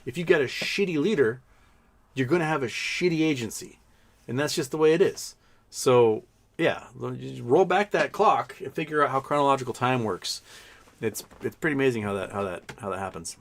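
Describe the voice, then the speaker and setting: A man's voice: medium pitch, fairly quick. Sarcastic rambling man hosting a live stream. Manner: rambling, sarcastic, many restarts and mock voices. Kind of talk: casual live-stream commentary.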